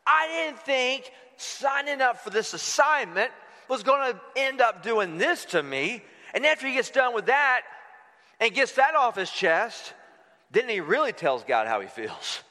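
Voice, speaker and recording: A man preaching a sermon as pastor, animated, acting out quotes with shifting voice. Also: very high-pitched, a little slow. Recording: long hall reverb.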